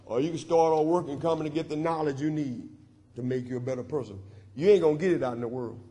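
Preaching as pastor in a church sanctuary, this man talks fast in a slightly high, warm voice with a little roughness. His sermon leans on call-and-response repetition, ringing with long hall reverb.

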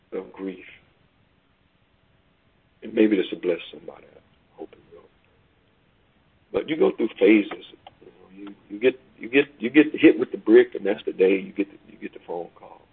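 A man preaching a sermon over a call, rising and falling in pitch and volume and repeating phrases for emphasis. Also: slightly rough. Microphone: phone call. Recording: tinny phone line.

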